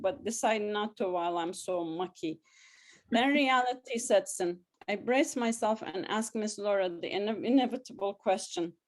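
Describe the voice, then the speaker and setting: A woman reading her own first-person memoir story aloud, lively and wry, laughing now and then. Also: mid-range voice. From abroad, newly arrived student in the story.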